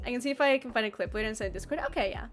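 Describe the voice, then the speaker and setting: A woman's voice: a little high, racing, faint music behind. A woman hosting a casual livestream, chatting and giggling as she answers chat messages. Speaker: livestream host reading chat.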